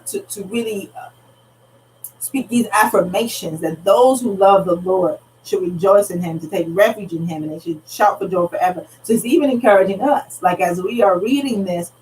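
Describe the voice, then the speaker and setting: A woman pastor teaching a Bible study in an earnest, conversational way, retelling scripture in everyday speech. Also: on the low side. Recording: slightly distant mic, faint background noise.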